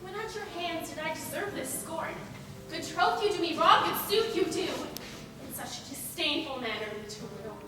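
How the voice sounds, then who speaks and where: A woman's voice: extremely high pitch, lively intonation, moderate pace. A woman playing a spurned young lover who pleads, declaiming verse on stage. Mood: hurt, indignant. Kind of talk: stage play performance. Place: school auditorium stage. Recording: echoey hall, distant mic, noisy.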